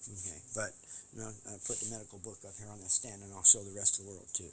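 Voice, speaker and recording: A man giving a rambling home video lecture, emphatic and swinging from loud to quiet. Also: on the low side, flat delivery, quick pace, poor audio.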